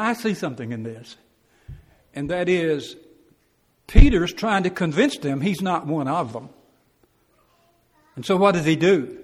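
Folksy preacher in a reverberant hall. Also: male voice, a little high, husky. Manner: folksy, plainspoken, with dramatic quotes and chuckles. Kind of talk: Bible class sermon.

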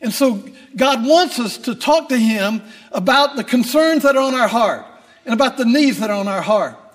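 An older male preacher giving a sermon in a folksy, easygoing way, pausing on fillers and restarting phrases. His voice sits high for a man. It rings with a long reverb, as in a church hall. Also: expressive.

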